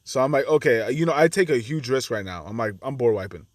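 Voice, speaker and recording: A chatty man talks through his card game match in a relaxed, conversational way. His voice sits at an ordinary middle pitch. The sound is dry and close to the mic. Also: fast, no echo. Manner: chatty, acts out his own reactions to the opponent. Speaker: gaming channel host. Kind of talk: casual gameplay commentary.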